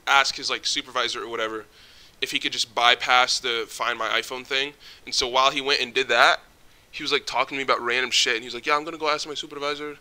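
A young man telling a story in a casual, excitable, profane, animated way. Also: mid-range voice. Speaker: vlogger.

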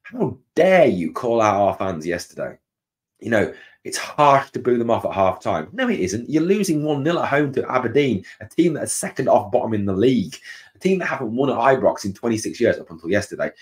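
A man hosting a fan channel, delivering a heated, angry rant to camera that builds into shouted outbursts. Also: medium pitch. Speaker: channel host.

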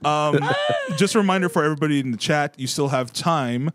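A man's voice: on the high side, fairly quick, no room sound. A young man hosting a casual podcast chat, laughing often and reading out news items. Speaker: podcast host.

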